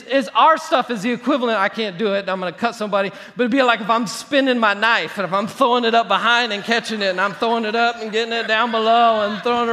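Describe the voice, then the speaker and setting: High, bright-voiced preacher in a reverberant hall. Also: male voice. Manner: animated, mocking impressions of prayer habits. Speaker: pastor. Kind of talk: sermon.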